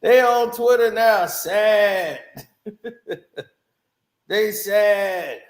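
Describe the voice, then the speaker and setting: A man's voice: sits high, drawn-out words, reverberant. A man giving casual, opinionated commentary as a music reviewer, laughing often and making mocking asides.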